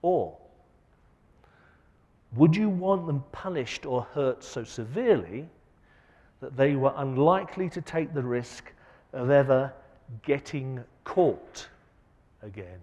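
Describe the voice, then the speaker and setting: Man lecturing, mid-pitched voice, rhetorical questions, emphatic shifts in loudness, echoing conference hall. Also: expressive, measured pace, pauses often, muffled recording. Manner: poses rhetorical questions to the audience; uneven, emphatic delivery with sudden loud and soft turns. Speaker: keynote speaker. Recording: long hall reverb.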